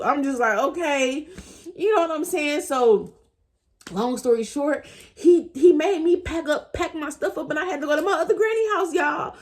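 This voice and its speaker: This thirtysomething vlogger tells her audience a personal story in a relaxed, chatty style, turning to them directly and laughing often. Her voice is a touch high and a little mellow.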